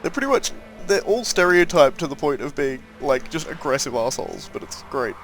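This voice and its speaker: A man's voice: fairly high pitch, big pitch swings, brisk, fairly bright tone, faint music behind. A man casually commenting while playing a game, swearing and reading in-game notes aloud. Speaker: game streamer. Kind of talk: casual let's-play commentary.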